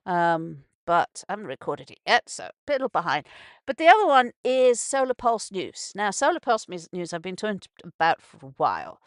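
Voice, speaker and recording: A woman with a fairly low voice and big swings in pitch hosts a casual morning radio show from a narrowboat on a canal, speaking at normal speed in a clean, echo-free studio sound. She rambles with many restarts and swears when upset, her emotions heightened after a stroke.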